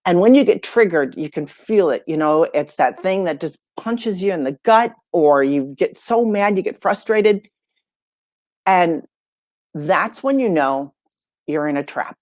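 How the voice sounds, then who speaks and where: A woman, a life coach and podcast guest, tells stories in a relaxed, conversational way and acts out the lines of the people in them. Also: fairly low pitch, no room sound, clean studio sound. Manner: lively storyteller who acts out dialogue. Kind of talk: casual podcast storytelling.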